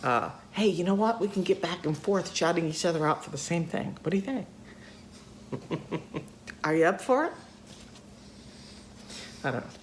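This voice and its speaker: A woman's voice: fairly low pitch, lively intonation, normal speed, long pauses, slight background noise. An older woman hosting a casual chat, talkative, laughing often and acting out voices in her stories. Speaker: host.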